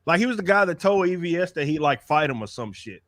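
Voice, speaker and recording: A man's voice: on the high side, expressive, fast, fairly bright tone, no echo, studio quality. Heated, cursing man on a panel. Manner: heated, profane ranting. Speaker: podcast panelist. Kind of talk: casual livestream chat.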